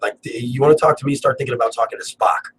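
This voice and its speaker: A man's voice: mid-range voice, fast, a bit bright, far from the mic, low-quality recording. A young man hosting a casual solo talk show, rambling and joking and swearing freely. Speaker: cannabis talk show host. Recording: faint background noise, a bit off-mic.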